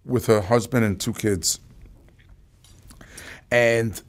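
A man with a strong New York accent, a company executive being interviewed, talking casually and telling animated stories with many fillers. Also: lowish voice, takes it slowly, vocal fry, long pauses.

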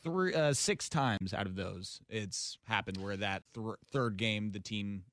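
Male radio co-host, slightly low voice, relaxed, dry booth sound. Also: measured pace, no room sound. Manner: relaxed, conversational, reads out stats. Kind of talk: casual sports talk radio.

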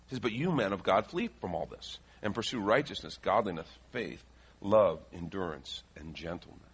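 A man's voice: deep voice, lively intonation, normal speed, breathy edge. A male pastor from the Chicago area preaching a sermon, reading scripture aloud and adding joking asides.

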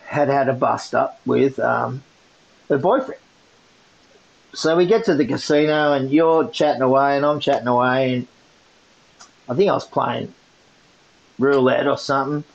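A man's voice: fairly high pitch, vocal fry. A man telling a story in a casual chat, laughing often as he goes. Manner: laughing often, animated retelling. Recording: muffled lo-fi sound.

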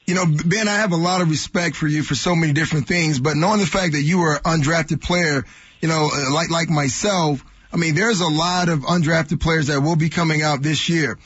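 Co-host: husky, slightly high male voice, earnest and respectful, dull radio tone. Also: fairly even intonation, brisk, a bit bright, no echo. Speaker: radio co-host, former undrafted player. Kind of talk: casual sports radio chat.

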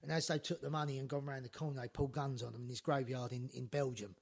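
A man telling lively stories in casual chat, acting out quotes, swearing and laughing. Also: mid-range voice, fast, creaky. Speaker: podcast guest storyteller.

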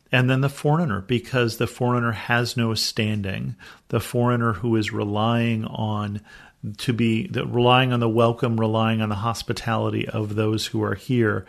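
A man's voice: mid-range voice, vocal fry. A man from the United States teaching a Bible study podcast, reading scripture aloud and then explaining it earnestly.

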